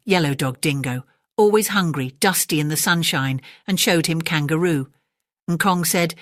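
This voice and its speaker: Low-voiced woman reading a bedtime story. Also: moderate pace, no room sound, studio quality. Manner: rhythmic, chant-like reading of repeated refrains.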